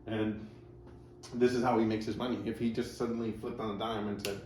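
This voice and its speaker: A man's voice: fairly low pitch, level tone, brisk, a little mellow. A man hosting a reaction video, rambling in casual commentary with sarcastic asides. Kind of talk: casual commentary over clips. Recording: roomy, distant mic, faint noise.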